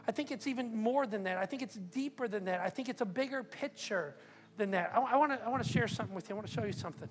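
A man's voice: high-pitched, a bit bright. Middle-aged man, conversational pastor. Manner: conversational, personal storytelling with restarts. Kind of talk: sermon.

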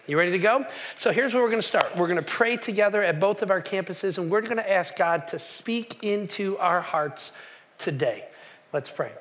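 A male pastor with a high-pitched voice delivers a conversational sermon. He speaks directly to the congregation, asking them questions and restarting his sentences as he goes. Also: expressive, normal speed, fairly bright tone. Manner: conversational, with frequent fillers and restarts.

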